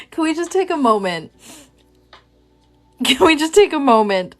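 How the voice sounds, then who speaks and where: A woman's voice: high voice, big pitch swings, unhurried, pauses often, soft background music. A woman chatting casually with her livestream viewers while she works on a craft project, joking at her own expense. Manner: chatty, self-mocking, talks to chat viewers. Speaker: livestream host.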